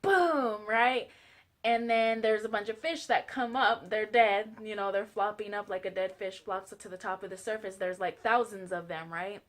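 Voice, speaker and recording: Fast-talking woman preaching casually. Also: medium pitch. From Southern United States. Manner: fast-talking, animated storyteller. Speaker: lay preacher. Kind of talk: casual faith testimony vlog.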